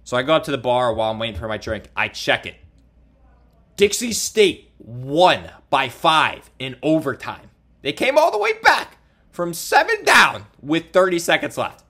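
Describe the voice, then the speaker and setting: A young man co-hosting a podcast, telling a story in casual chat with an excitable, self-mocking manner. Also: a little high, moderate pace. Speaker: podcast co-host.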